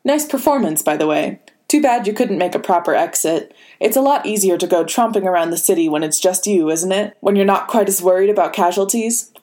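A woman's voice: medium pitch, expressive, a little fast, few pauses, a little mellow, lightly acted. A woman voicing a cold, smug older male government secretary who talks down to people in a silky, condescending way.

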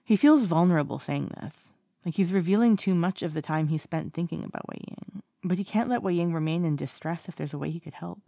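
A woman reading fiction aloud in calm, even storytelling. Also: fairly low pitch, a little fast, vocal fry, dry recording, studio quality. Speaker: narrator. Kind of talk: audiobook narration of fiction.

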